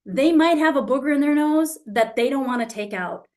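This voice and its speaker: Higher-voiced woman coach, casual and blunt, swears a lot, acts out convos while she teaches. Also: moderate pace. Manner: candid and frank, swears freely; lively, acts out quoted exchanges. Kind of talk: casual teaching talk to an online group.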